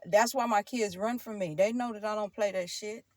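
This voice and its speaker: A slight hiss or hum sits under this middle-aged woman's mid-range, somewhat mellow voice as she talks at a normal pace. Hosting her tarot channel, she delivers a casual monologue straight to viewers, emphatic and repetitive, often laughing and offering preachy asides.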